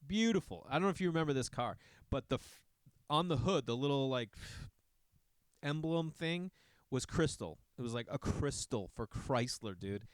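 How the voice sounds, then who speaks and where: A man telling a long personal story in a casual, animated way, swearing often and jumping into asides. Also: mid-range voice, clear, resonant tone, no room sound.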